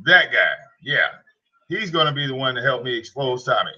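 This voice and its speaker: A man's voice: medium pitch, lively intonation, moderate pace, pushed and bright, lo-fi sound. A man ranting casually as a streamer, rambling, repeating himself and mocking. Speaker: streamer commenting on a played call. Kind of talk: casual rant.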